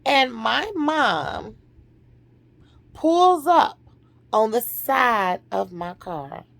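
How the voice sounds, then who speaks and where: Middle-aged woman vlogger, slow dramatic storytelling, gravelly edge, hushed at the heavy parts. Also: fairly high pitch, lively intonation, dry recording. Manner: slow, dramatic, drops to a hushed near-whisper at emotional points. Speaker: vlogger telling a personal story. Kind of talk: emotional personal storytelling.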